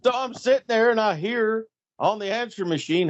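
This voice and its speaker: A man's voice: sits high, fairly quick. A middle-aged man telling a story in casual talk, acting out the voices of the people in it. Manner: animated, acts out voices in anecdotes. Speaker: guest storyteller. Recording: dull lo-fi sound.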